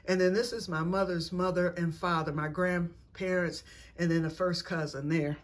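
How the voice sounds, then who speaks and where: A middle-aged woman vlogs casually about her life, rambling, correcting herself mid-story, and using folksy phrases like "y'all." Her voice sits on the low side, steady in tone at a moderate pace.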